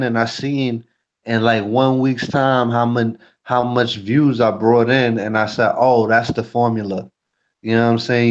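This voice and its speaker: A man's voice: medium pitch, dull audio. A man talking frankly in a casual chat as a YouTuber and co-host, cursing freely. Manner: blunt, frank, curses freely.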